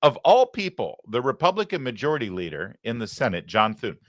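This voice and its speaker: A man's voice: mid-range voice, sing-song, brisk, fairly bright tone, dry recording, clean studio sound. A male talk show host from Michigan, delivering a heated, mocking rant as opinion commentary.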